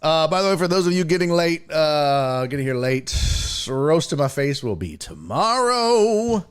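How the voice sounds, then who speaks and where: A man ranting on his sports talk stream, his voice sitting a bit high for a man. He curses constantly, climbing into near-shouts and dropping into low, grumbling asides. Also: sing-song, measured pace, clean tone. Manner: angry, profane, swings between shouting and muttering. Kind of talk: profane ranting live stream.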